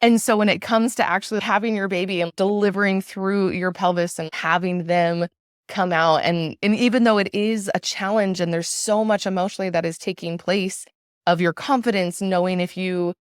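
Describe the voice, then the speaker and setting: A woman hosting an interview podcast, speaking in measured, thoughtful, long flowing sentences. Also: medium pitch, steady tone, smooth, no room sound, clean studio sound. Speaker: podcast host. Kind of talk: casual interview conversation.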